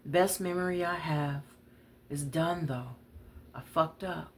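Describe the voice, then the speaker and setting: A woman's voice: low voice, slow pace, slight background noise. A woman storyteller voicing a hardened woman in her thirties on the run, talking bluntly in street slang. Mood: resigned. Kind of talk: dramatic story reading.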